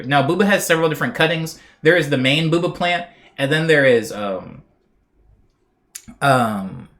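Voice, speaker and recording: A man chatting casually on a live stream, relaxed and talkative, reading viewers' messages aloud and laughing now and then. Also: mid-range voice.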